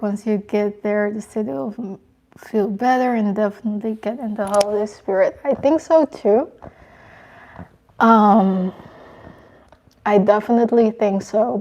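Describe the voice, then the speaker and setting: Young woman, casual live chat host, slow and unhurried, soft emotional halting delivery, mid pitch. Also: gravelly.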